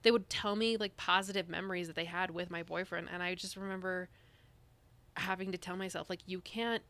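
A woman's voice: lowish voice, little pitch movement, a little fast, a bit bright. A young woman co-hosting a podcast, chatting casually and rambling with lots of "like"s and restarts. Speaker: podcast co-host. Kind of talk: casual chat.

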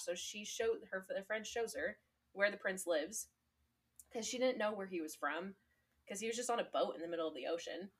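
A woman's voice: medium pitch, brisk, a bit bright. A young woman co-hosting a podcast, casually retelling a story with lots of "like" and fillers and frequent laughter. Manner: laughs often. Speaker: podcast co-host. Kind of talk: casual chat.

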